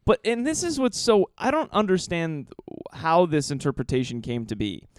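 A man talks loosely on a podcast, swearing and laughing as he retells a story, trailing off into ums. His voice is smooth and clean, recorded close and dry with no room sound. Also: fairly high pitch, expressive, moderate pace, no echo. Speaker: podcast co-host telling the story. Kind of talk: casual chat.

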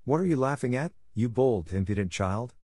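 A man reading an audiobook voicing a stern, furious middle-aged schoolmistress who talks in a sharp, demanding way. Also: mid-range voice, expressive, fairly quick, dry recording, studio quality, voice pushed up, natural voice. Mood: indignant.

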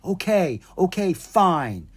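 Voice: medium pitch, big pitch swings, slow pace, slightly rough, voice pushed up, full character voice. A reader voicing a timid young boy dragon who talks nervously and stammers, in a children's storybook reading. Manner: jittery, stammering.

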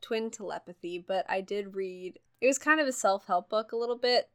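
A young woman in an easygoing chat, her voice sitting at an ordinary middle pitch. She rambles with plenty of fillers and breaks into laughter readily. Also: fairly quick, fairly bright tone. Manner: chatty, many fillers, laughs easily. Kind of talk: casual chat.

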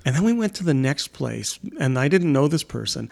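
A man's voice: mid-range voice, very animated, fairly quick, creaky. A middle-aged man telling family anecdotes in casual chat, a rambling storyteller who laughs often. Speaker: podcast co-host and father.

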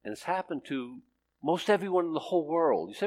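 An older man, a pastor, preaching a sermon with animated emphasis that swings between loud declarations and hushed, quiet passages. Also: a little high, quick pace, slight background noise.

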